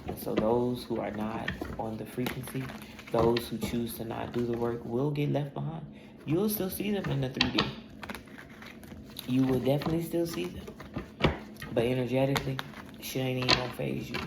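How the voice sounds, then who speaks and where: Woman tarot reader, gravelly and blunt, profane, in an echoey room with steady noise behind her. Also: a bass voice, fairly quick. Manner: blunt, profane, emphatic storytelling. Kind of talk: casual spiritual reading monologue.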